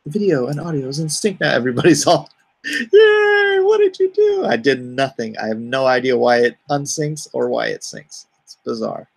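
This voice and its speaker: A man's voice: mid-range voice, expressive, brisk, vocal fry, hardly any pauses, husky. A middle-aged man hosting a casual live stream as an artist, rambling and reading viewer comments aloud before answering them.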